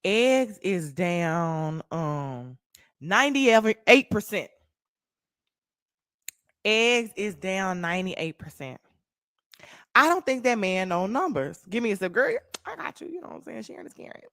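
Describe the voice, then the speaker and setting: A Texas woman podcasts on a livestream in a mid-range voice at a measured pace, the audio clean, studio-like and free of room sound. She speaks straight to viewers, calls them by name, swears freely and reacts animatedly to their comments.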